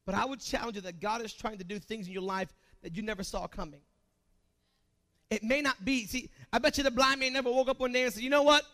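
A man preaching a sermon in an animated, emphatic way, firing off rhetorical questions at the congregation. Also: high voice, fast.

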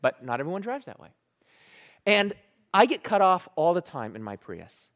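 A male pastor delivering a sermon in a church, voice a little higher than most men's. He tells stories with playful self-mockery, his pitch swinging widely as he talks. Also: very animated, moderate pace, a bit bright.

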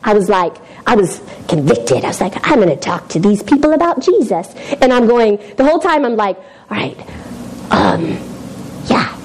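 A woman's voice: mid-range voice, very animated, normal speed, darkish tone, poor audio. A woman giving an informal youth group devotional in a chatty, self-deprecating way, often laughing.

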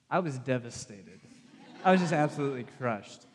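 A man's voice: medium pitch, lively intonation, moderate pace. A man with a Southern US accent giving a casual, conversational sermon as pastor. He speaks in a chatty, self-deprecating way and puts direct questions to his audience. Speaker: youth pastor. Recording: long reverb from a hall.

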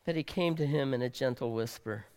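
A male pastor delivering a sermon, swinging dramatically between loud emphasis and soft near-whispers. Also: medium pitch, fairly quick, clear, resonant tone, big-room sound.

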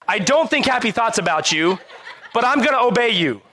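A man preaching a sermon in an animated, conversational way, often checking in with rhetorical questions. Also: extremely high pitch, brisk. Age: adult parent. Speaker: pastor.

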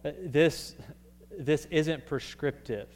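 A young man preaching a sermon in a relaxed, conversational way, with frequent fillers and restarts. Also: on the high side, slow. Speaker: pastor. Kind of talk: casual sermon.

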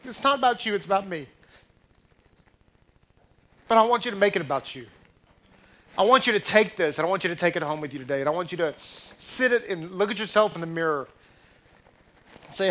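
A man's voice: high voice, expressive, brisk, long pauses, sharp tone. A man preaching a sermon as a rabbi, fervent and pleading, full of rhetorical questions. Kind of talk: sermon to a congregation.

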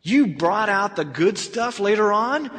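A man's voice: sits high, lively intonation, a little slow, fairly bright tone, long reverb tail. A man playing a hearty wedding-feast master. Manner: hearty, backslapping.

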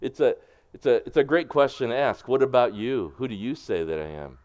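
Lively-voiced male pastor preaching. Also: medium pitch, brisk. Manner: preaching with swings between hushed and emphatic. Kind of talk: sermon.

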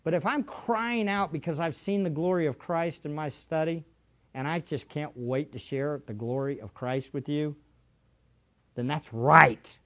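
A middle-aged man preaching a sermon, shifting from quiet asides to fervent shouting. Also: a little high, moderate pace, lo-fi sound. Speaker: pastor.

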